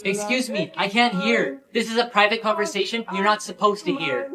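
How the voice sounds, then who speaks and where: A man from San Diego performing short comedy skits, playing every part with sarcastic deadpan comebacks. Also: high voice, moderate pace, crowd noise. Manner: sarcastic deadpan comebacks, switching between characters. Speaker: comedy creator.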